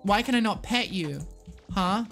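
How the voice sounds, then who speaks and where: An excitable young woman chats through a game on a live stream, her pitch swinging all over the place. She swears freely and talks to the screen. Faint game music plays underneath. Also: unhurried. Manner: excitable, swears and gasps, lively.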